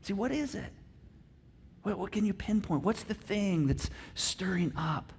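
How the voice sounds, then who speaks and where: A man's voice: high voice, animated, unhurried, a little hiss or hum. A middle-aged man preaching a conversational sermon, acting out example thoughts. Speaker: pastor.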